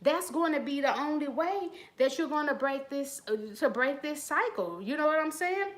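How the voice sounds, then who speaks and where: High-voiced woman giving blunt advice. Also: lively intonation, normal speed. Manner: blunt, preachy, casual slang. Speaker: channel host giving advice. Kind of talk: live-stream chat, reading viewer comments. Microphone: phone.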